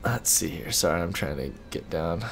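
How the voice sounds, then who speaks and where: Deep gravelly man hosting a chat livestream. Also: expressive, normal speed, a bit bright, soft background music. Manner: reads viewer chat aloud and answers, with frequent restarts. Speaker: livestream host. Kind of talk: late-night casual livestream chat.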